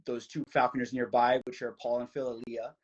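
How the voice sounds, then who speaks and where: A young man from New Jersey tells a story as a podcast guest, eager and quick, with lots of "like" fillers. His voice is somewhat husky and breathy. The audio is slightly muffled and lo-fi. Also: medium pitch. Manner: excited, fast, many "like" fillers. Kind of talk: casual storytelling.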